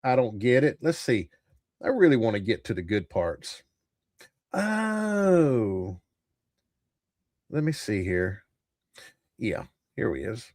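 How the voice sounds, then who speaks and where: A man's voice: medium pitch, huge pitch swings, takes it slowly, pauses often, darkish tone, dry recording, studio quality. A man hosting a tabletop gaming channel, giving blunt, profane, rambling commentary to a live chat. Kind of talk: casual livestream commentary.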